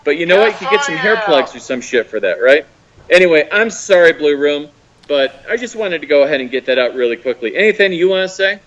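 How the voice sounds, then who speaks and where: Animated, profane American man ranting. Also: on the high side, fast talker, dull audio. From United States. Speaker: caller. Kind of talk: heated call-in rant.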